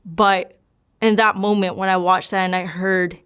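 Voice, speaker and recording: Her mid-range voice is flat in delivery, fairly bright, clear and resonant, at a normal speed. A young woman appearing as a guest, she recounts her testimony in a rambling, casual manner thick with "like" and repeats.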